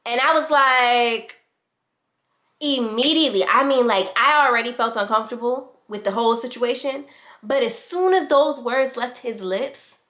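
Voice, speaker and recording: A young adult woman vlogger telling a casual storytime in a fast, animated way, acting out the quotes. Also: on the high side. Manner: fast-talking, animated retelling with quoted voices.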